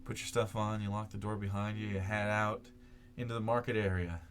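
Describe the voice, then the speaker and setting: A man's voice: fairly low pitch, level tone, brisk. A man narrating a tabletop game as game master, laid-back and full of filler words.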